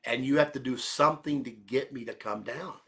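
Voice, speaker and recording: A calm, gentle divine voice speaks low and steady, as a preacher voices it. The tone stays soft and reassuring, with a bright, clear edge to the words. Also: male voice, moderate pace.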